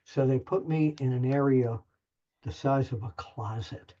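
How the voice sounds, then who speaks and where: A man's voice: mid-range voice, measured pace, mellow. Older man telling a story, muffled audio. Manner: chatty, self-deprecating, lots of restarts. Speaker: wrestling journalist, guest. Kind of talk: animated storytelling anecdote.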